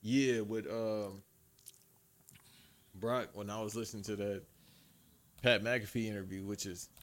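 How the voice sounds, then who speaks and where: A man's voice: fairly low pitch, fairly even intonation, a little slow. A man co-hosting a casual chat, joking around in slangy banter.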